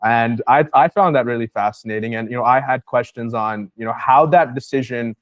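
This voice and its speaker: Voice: mid-range voice, fairly quick, dry recording, lo-fi sound. Host: from New York, mid-range voice, attentive and affirming, dry close sound. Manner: attentive, with frequent affirming murmurs. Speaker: podcast host. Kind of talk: casual interview conversation.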